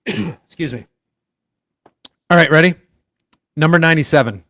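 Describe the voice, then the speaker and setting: An easygoing man co-hosting a podcast, quizzing his partner and agreeing along. His voice sits a little high. The sound is dry and close. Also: measured pace, creaky, a bit bright, dry recording. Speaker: podcast co-host. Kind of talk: casual chat.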